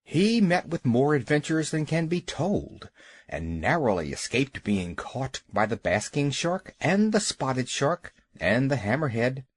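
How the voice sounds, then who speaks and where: A man reading a children's audiobook aloud in an expressive, dramatic way, on a close mic. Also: mid-range voice, unhurried, dry recording. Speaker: audiobook narrator. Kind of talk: scripted storybook narration.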